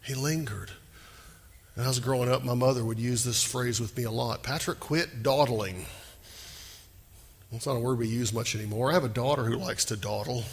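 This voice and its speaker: A male pastor preaching a sermon, animated and emphatic, asking the crowd questions. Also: mid-range voice, fast talker, vocal fry, breathy edge, in a large hall.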